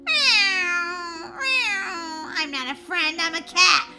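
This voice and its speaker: A woman's voice: very high-pitched, very slow, heavily acted. A woman voicing a silly young girl turned into a cat, giggly and goofy, full of meows. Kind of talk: voiced game role-play. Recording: music playing behind.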